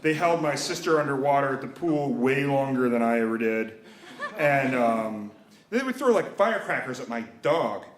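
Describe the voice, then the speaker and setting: A man's voice: medium pitch, lively intonation, moderate pace, reverberant. A man in his thirties telling a personal story live, wry and self-mocking, acting out the voices of the people in it. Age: 30s.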